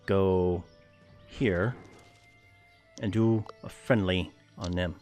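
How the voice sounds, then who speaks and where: A man with a fairly low voice plays a strategy game and talks over it in an easygoing, chatty way. He reads the on-screen text aloud, then muses through his choices with jokey asides. Quiet game music runs underneath. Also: steady tone, very slow. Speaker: let's play gamer. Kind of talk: casual gameplay commentary, reading game text aloud.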